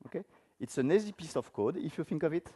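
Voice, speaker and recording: Guy presenting at a tech conference, lively voice that jumps around, kinda dark tone. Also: on the high side, fast, slightly rough. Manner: animated, informal, asks the audience questions. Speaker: conference speaker. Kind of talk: technical conference talk with live demo. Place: conference room before an audience.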